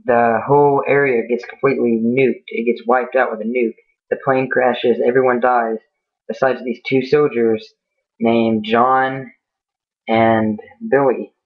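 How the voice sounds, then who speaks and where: A man telling an improvised scary story in a rambling way, with many fillers and restarts. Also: mid-range voice. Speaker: amateur storyteller. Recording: tinny phone-like lo-fi audio.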